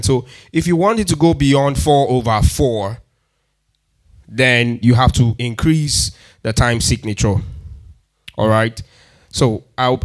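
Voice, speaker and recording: A man hosting a keyboard tutorial, counting beats aloud and repeating his steps patiently. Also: mid-range voice. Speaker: music tutorial host. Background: keyboard instrument sounds.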